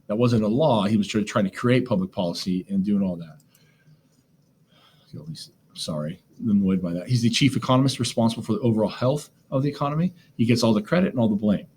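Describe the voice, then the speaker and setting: A man's voice: on the low side, a little mellow, slight background noise. A man teaching a government lesson in a conversational way, with plenty of fillers and side remarks. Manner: conversational, lots of fillers, asides. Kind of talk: recorded class lecture on government notes.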